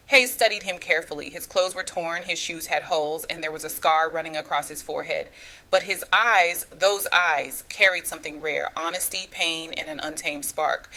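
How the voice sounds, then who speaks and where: A woman's voice: low-pitched, normal speed, pushed and bright. Woman narrating a story with stumbles. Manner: reads with stumbles and restarts.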